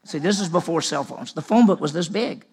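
A man's voice: fairly high pitch, brisk, a little mellow, slightly rough. A man preaching to a room, telling a personal story and acting out the dialogue, originally from Mississippi. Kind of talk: sermon storytelling. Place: large room with audience.

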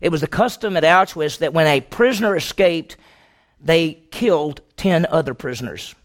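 A man preaching a sermon to a congregation, telling a story dramatically, moving from loud questions to hushed, slow passages. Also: a little high, expressive. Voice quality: gravelly.

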